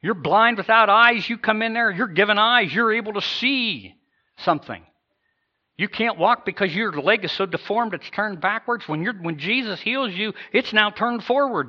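A man's voice: sits high, lively intonation, normal speed, highs cut off. A man preaching a sermon with emphasis, rising and falling in intensity and acting out imagined voices. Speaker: pastor.

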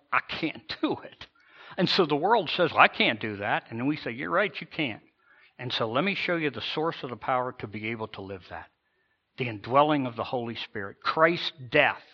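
A man's voice: medium pitch, lo-fi sound. A man preaching a sermon with emphasis, rising and falling in intensity and acting out imagined voices. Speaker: pastor.

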